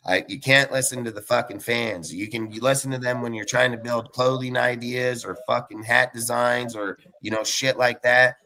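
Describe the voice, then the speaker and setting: A man's voice: mid-range voice, bright, forceful tone, low-quality recording. A man ranting on a live sports fan podcast, heated and profane, tossing in "dude" and "like". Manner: fast and blunt, many fillers like "dude".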